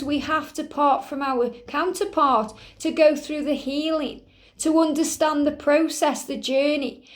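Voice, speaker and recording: A woman with a high voice talks through a spiritual reading. Her delivery is earnest and reassuring, and she keeps checking in with the listener through small asides. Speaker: spiritual reader.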